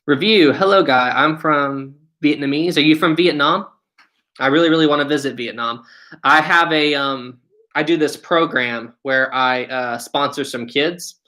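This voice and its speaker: A young man with a West Virginian accent chats easily on a live stream, reading questions from his viewers aloud. His voice is bright and open, and he keeps saying things are "really, really" cool. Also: a little high, unhurried. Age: 20s. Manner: friendly, repeats "really, really". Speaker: channel host.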